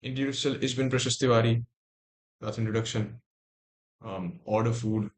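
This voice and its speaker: Young Indian-accented man, casual streamer, reads on-screen text aloud, thinks out loud mid-sentence. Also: medium pitch, fairly even intonation, moderate pace. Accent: Indian English. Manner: reads text aloud with muttered asides and restarts. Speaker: livestreamer. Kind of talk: casual livestream, reading aloud.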